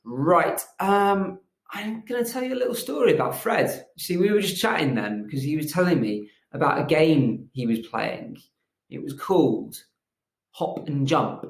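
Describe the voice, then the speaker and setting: A man teaching a phonics lesson to young children, telling a gentle, animated story. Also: on the high side, normal speed, gravelly. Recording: echoey room.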